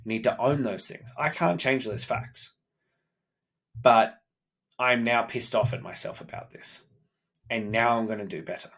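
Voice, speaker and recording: A man's voice: medium pitch, unhurried, long pauses, a bit bright. A man, talking bluntly and with a lot of swearing, candid and self-critical, in a personal vlog monologue. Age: 30s. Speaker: self-improvement vlogger, father.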